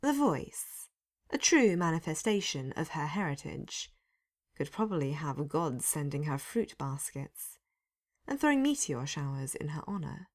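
A woman narrating a story aloud in an unhurried, dry reading voice. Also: sits low, very animated.

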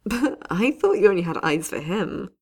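A woman's voice: mid-range voice, big pitch swings, normal speed, vocal fry, darkish tone, husky, heavily acted. Hilde, a woman voicing an eager gossiping office girl.

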